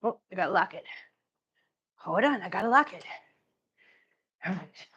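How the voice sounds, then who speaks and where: A woman's voice: mid-range voice, animated, moderate pace, fairly bright tone, slightly rough. A middle-aged woman chatting casually to her cats and her livestream viewers while she cleans, a bit out of breath. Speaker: cat channel vlogger.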